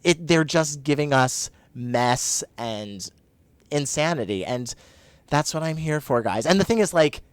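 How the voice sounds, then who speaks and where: A man co-hosting a podcast in casual chat, gushing about a reality show with animated storytelling. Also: a little high, unhurried, clean tone, dry recording. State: overheated. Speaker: podcast co-host.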